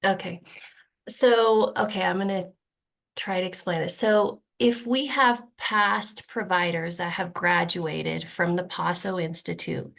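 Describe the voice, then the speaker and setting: A woman attendee asks her question very slowly and hesitantly, restarting as she goes. Her voice is low and gravelly. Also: fairly bright tone. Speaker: participant asking a question.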